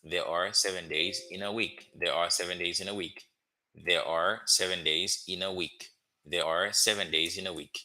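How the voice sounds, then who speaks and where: A man teaching a language lesson, drilling phrases slowly with many "okay?" check-ins. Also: deep voice, steady tone, pushed and bright. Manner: slow, repetitive drilling with frequent "okay?" checks. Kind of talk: classroom-style language lesson.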